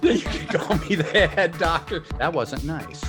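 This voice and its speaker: A man's voice: a little high, expressive, a little slow, music in the background. A middle-aged man co-hosting a podcast, joking and self-mocking in casual chat. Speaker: podcast co-host.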